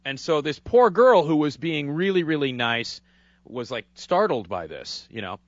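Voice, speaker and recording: A man from hosting a radio show, telling a rambling story in a casual, animated way. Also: on the high side, normal speed, no echo, muffled recording. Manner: animated, rambling, acts out voices. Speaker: radio host. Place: radio studio.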